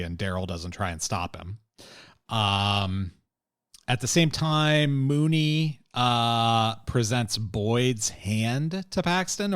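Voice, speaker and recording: A male podcast co-host recapping a TV episode in casual chat, brisk and laughing often. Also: on the low side, no echo, studio quality. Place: room shared with co-host.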